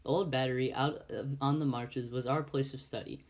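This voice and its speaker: A man's voice: medium pitch, steady tone, normal speed, a little mellow. A man giving an amateur audiobook reading of a classic novel, with frequent stumbles and restarts. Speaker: volunteer reader.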